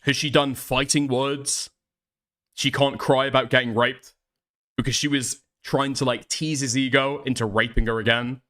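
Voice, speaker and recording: Man, streamer host, blunt, profane, argumentative, bright tone. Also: mid-range voice, little pitch movement, moderate pace. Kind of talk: heated livestream commentary.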